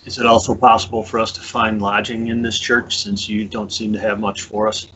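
A man playing a tabletop game, speaking quietly and in a measured way. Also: lowish voice, little pitch movement, breathy edge, rough recording. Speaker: player. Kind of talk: casual tabletop play.

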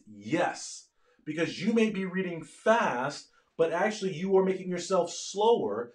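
Energetic man lecturing live online. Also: high voice, reverberant. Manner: energetic, keeps asking the audience questions. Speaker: medical education lecturer. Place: office at home.

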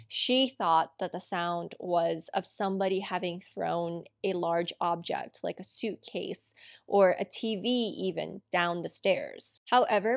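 A woman's voice: lowish voice, creaky, dry recording, clean studio sound. A woman narrating a true crime case in a conversational storytelling way, adding her own asides.

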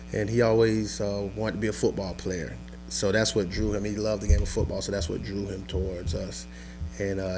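Coach, male, low monotone voice, halting interview recall with soft music under it. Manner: halting, many fillers and restarts. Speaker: high school football coach. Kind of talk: emotional interview recollection.

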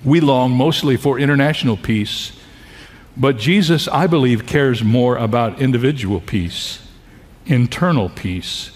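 A man's voice: medium pitch, unhurried. A man with a mid-range voice delivers an earnest sermon, his words swelling with conviction as he builds toward key points. He addresses the congregation directly and invites them to join in. The sound carries a long reverb, as if from a large sanctuary. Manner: earnest preaching, rising in intensity, leading the congregation. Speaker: pastor. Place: church sanctuary before a congregation.

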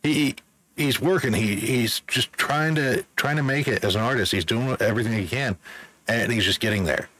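A man's voice: medium pitch, moderate pace, sharp tone, rough recording. A man hosting a music reaction, talking it through in a thoughtful, casual way. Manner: thoughtful, explains as he goes.

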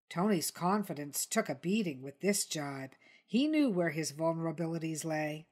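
A woman narrating a storybook in an even, measured read. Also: low voice. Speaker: story reader.

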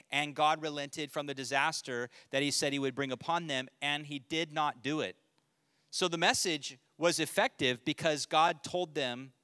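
A man's voice: a little high, pushed and bright, clear, resonant tone, dry recording, studio quality. A man, a pastor, giving a casual, joking Bible teaching to a men's study group and reading scripture aloud.

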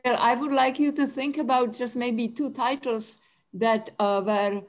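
A woman's voice: on the high side, fairly even intonation, measured pace. A woman in a casual group discussion, hesitant and searching for words. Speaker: discussion participant.

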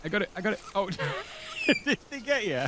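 A man's voice: high-pitched, wildly swooping pitch, moderate pace, noisy background. A man playing a co-op game with a friend, jokey and giggly, with big swoops in his talk. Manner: jokey, giggly, wildly swinging delivery. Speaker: co-op gaming partner. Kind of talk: casual co-op gameplay chat.

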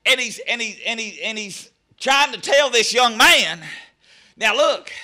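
A man preaching a fervent sermon, breaking into shouted exclamations. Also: very high-pitched, lively intonation, moderate pace.

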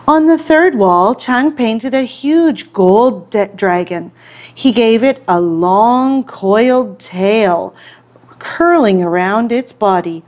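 Slow, expressive storybook reader, woman. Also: medium pitch. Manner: expressive, clear read-aloud. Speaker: English storytime teacher. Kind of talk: reading a picture book aloud.

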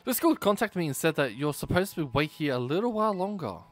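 A man's voice: on the high side, very animated, fast talker. Man reading as a chatty, cheerful mum. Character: cheerful caring mother of a new student. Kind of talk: reading game dialogue aloud.

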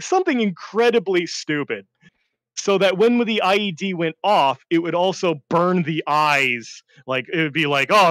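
A man, a veteran, telling war stories in a rambling casual chat, often laughing and swinging between deadpan and excited. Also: high-pitched, no echo. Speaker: veteran storyteller.

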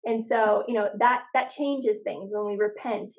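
A young adult woman from Phoenix, Arizona, USA, is a guest in a casual, faith-centered conversation. She speaks in a medium-pitched, a little mellow voice with fairly even intonation and a measured pace, telling stories chattily with lots of "like." The recording has its highs cut off.

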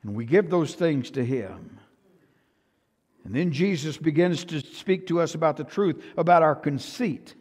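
An older man with a Texan accent preaching a sermon as pastor, swinging from hushed to loud and often repeating himself. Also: a little high, animated, unhurried, slightly rough. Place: church sanctuary. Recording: long church hall reverb.

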